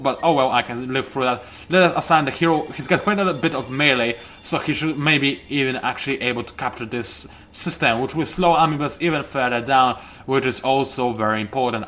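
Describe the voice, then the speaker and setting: A man hosting a let's play, giving chatty, rambling gameplay commentary and often correcting himself. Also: mid-range voice.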